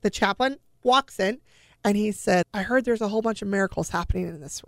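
Woman with a gravelly voice telling a family story. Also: medium pitch, brisk, no echo, studio quality. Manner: emotional retelling with acted-out quoted dialogue. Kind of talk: personal storytelling.

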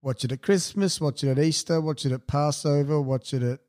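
A man, co-hosting a casual movie chat and making dry, deadpan jokes. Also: a little high, fairly quick. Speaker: podcast co-host.

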